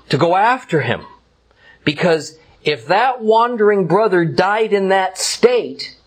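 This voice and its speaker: A male Bible teacher giving a verse-by-verse lesson, explaining in a deliberate, emphatic way. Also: fairly high pitch, husky.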